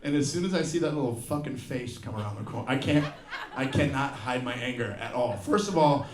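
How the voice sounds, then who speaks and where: A man in middle age performs profane, ranting stand-up live at a comedy venue, slipping into other people's voices as he goes. His pitch is medium and his pace a little fast, with background noise present. The room sounds spacious, and laughter rises from the audience.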